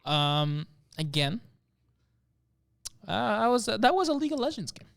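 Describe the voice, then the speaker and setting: A man casting a live esports match, excitable and breaking into loud shouts during big plays. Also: sits high, moderate pace, vocal fry. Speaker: esports caster.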